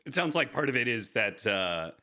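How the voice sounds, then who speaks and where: A man co-hosting a podcast, chatting in a relaxed, thoughtful way. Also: mid-range voice, moderate pace. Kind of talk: casual podcast chat.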